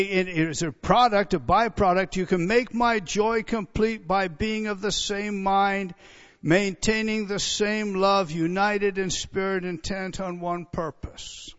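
A man preaching a sermon as pastor, emphatic, building up to near-shouts on key points. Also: high-pitched, a little slow. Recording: dull lo-fi sound.

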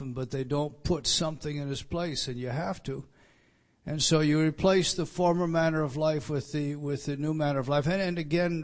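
Emphatic man preaching an evening sermon. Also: on the high side. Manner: emphatic, repetitive teaching with many restarts. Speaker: pastor.

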